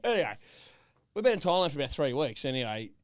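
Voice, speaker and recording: A man co-hosting a podcast, telling a rambling travel story in animated, casual chat and checking in with "right?". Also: on the high side, fast talker. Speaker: podcast co-host.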